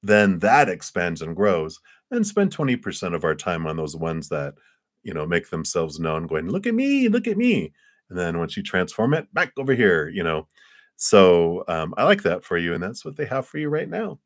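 Deep-voiced man giving tarot readings. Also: sing-song, normal speed, no echo, studio quality. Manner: gentle, rambling, laughs and playful asides. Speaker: tarot reader. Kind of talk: live-stream tarot reading.

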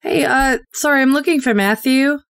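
A woman playing a tabletop game, answering in a hesitant, soft-spoken way. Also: high voice, moderate pace, vocal fry, no room sound, studio quality. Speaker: player. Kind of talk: casual tabletop play.

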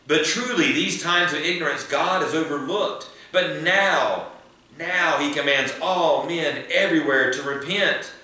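A man's voice: a little high, sharp tone. A man preaching a sermon as pastor, building emphasis and leading prayer. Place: church sanctuary. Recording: echoey church hall, mic at a distance.

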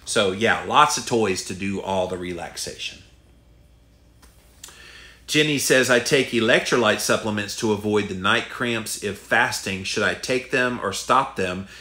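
A middle-aged podcast host from the Southern United States answers listener questions with a drawl, candid and folksy. His slightly low voice is bright and forward, echoing around a live room, and he thinks aloud with frequent "uh"s and "um"s.

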